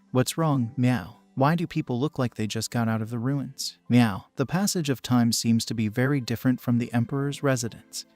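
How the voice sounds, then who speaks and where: A man narrating a manhwa recap at a mid pitch, reading all the parts in one level voice. Soft music runs under him throughout.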